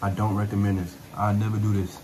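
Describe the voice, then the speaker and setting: A man's voice: lowish voice, little pitch movement, fast talker, background noise. A young man chatting casually to his viewers in a prank vlog, slangy and repetitive, recorded at home near a running shower. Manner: slangy, chatty, repeats himself. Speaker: prank vlogger. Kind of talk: casual vlog talk to camera.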